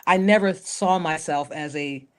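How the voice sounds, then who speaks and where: A woman, a guest singer, chatting in an interview and telling animated stories. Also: low-pitched, measured pace. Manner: animated storyteller, acts out quotes. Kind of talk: casual interview chat.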